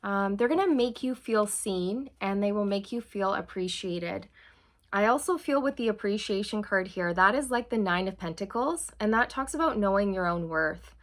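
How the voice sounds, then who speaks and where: A woman's voice: mid-range voice, expressive, moderate pace, a bit bright. A woman giving a channeled tarot reading to her viewers, earnest and reassuring, often checking in with "okay" and "you guys". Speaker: tarot reader.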